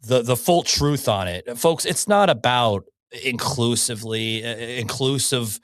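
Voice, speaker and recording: A man's voice: medium pitch, a little slow, no room sound, studio quality. A man hosting an opinion podcast, ranting heatedly with lots of swearing and slogans repeated over and over. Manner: profane, fired-up and repetitive; hammers on short slogans. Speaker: podcast host.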